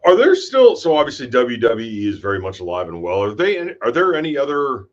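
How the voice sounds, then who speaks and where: A man co-hosting a casual sports podcast, relaxed and asking questions. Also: mid-range voice, a little fast, dull audio. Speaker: podcast co-host.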